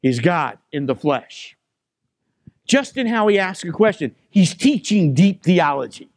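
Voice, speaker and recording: A man's voice: high voice, very animated, measured pace, no echo, studio quality. A man preaching a sermon as pastor, stressing key phrases by repeating them and putting questions to the congregation.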